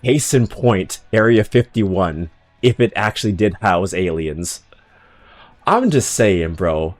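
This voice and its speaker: A man with a lowish voice rambling casually while he streams a game. He talks in slang, swears freely, and keeps laughing at himself. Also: expressive, takes it slowly. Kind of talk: casual gaming commentary.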